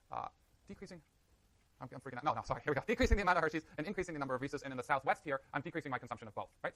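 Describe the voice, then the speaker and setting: Man teaching a class, very fast talker, lively pitch, dry close sound. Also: dry recording. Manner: fast, animated, jokey asides to students. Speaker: university lecturer. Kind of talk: classroom lecture.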